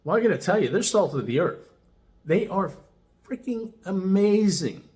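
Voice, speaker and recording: Chatty man telling an excited story. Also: high-pitched, normal speed. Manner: chatty, full of "you know" fillers; enthusiastic, animated retelling. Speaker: customer giving a testimonial. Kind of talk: casual storytelling.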